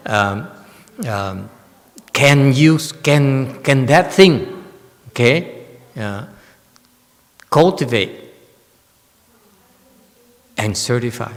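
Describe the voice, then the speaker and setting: A man's voice: medium pitch, expressive, very slow, pauses often. Blunt man lecturing in a reverberant hall. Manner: blunt, teasing, peppers talk with "okay?". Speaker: Buddhist master. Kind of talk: dharma lecture on a sutra.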